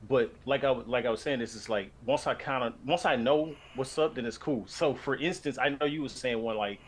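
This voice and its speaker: A man from Louisiana, a voice actor, chatting on a stream in an articulate, animated way. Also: mid-range voice, a little fast, a little hiss or hum. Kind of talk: casual chat on a stream.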